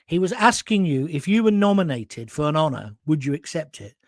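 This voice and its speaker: A middle-aged man tells a long, rambling anecdote, cursing freely and wandering off into asides. His voice sits high and swings widely in pitch. The sound is close and dry. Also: very animated, a little fast, no echo. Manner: swearing, rambling with restarts and asides. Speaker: host. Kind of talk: casual storytelling monologue.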